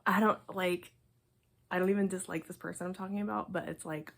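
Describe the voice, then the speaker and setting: Young woman, casual host, husky and a little raspy, chatty rambling delivery. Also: on the low side, fairly even intonation, moderate pace, long pauses. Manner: rambling, many fillers, drops to soft asides. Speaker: video host. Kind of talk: casual review rant.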